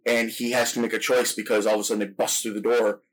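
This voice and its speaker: A man's voice: on the low side, level tone, fast talker, rough recording. A man co-hosting a casual film podcast, retelling movie scenes in long, detailed play-by-play. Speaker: podcast co-host.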